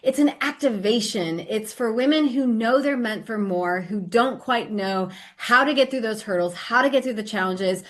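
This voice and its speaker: A woman's voice: a little high, moderate pace, hardly any pauses, a bit bright. A middle-aged woman hosting an interview podcast, effusive, enthusiastic and motivational in casual chat. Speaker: podcast host and coach.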